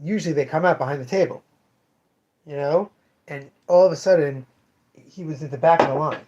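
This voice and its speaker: A chatty shop owner hosting a live show, winding through customer stories with plenty of false starts and asides. The voice sits at an ordinary middle pitch, relaxed and unpolished. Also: fairly quick, dull audio. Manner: rambling anecdotal storytelling, many restarts. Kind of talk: casual livestream chat.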